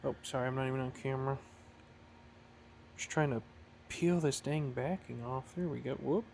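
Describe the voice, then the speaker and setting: A man's voice: medium pitch, normal speed, creaky, a little mellow, slight background noise. A man talking casually while he builds and solders at his workbench, thinking aloud and correcting himself as he goes. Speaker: hobbyist building a flight-sim throttle. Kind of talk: casual workshop tutorial.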